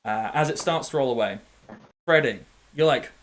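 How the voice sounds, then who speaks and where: A man narrating as game master in a tabletop game, animated and playful, with sound effects. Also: on the high side, moderate pace.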